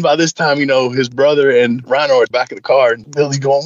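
Husky man telling a story, laughing. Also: fairly high pitch, brisk, hardly any pauses, no echo, highs cut off. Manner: profane and laughing through a story. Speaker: podcast host. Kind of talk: casual storytelling.

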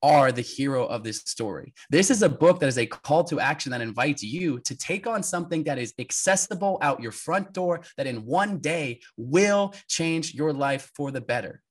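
A man from the United States, a podcast guest and adventurer, telling an energetic, emphatic story in conversation. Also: fairly high pitch, normal speed, hardly any pauses, slightly rough. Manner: energetic, emphatic, often laughing.

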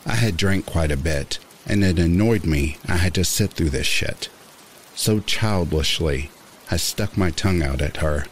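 A man reading a first-person horror story aloud in a measured, somber narration. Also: sits low, slight background noise. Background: rain sounds.

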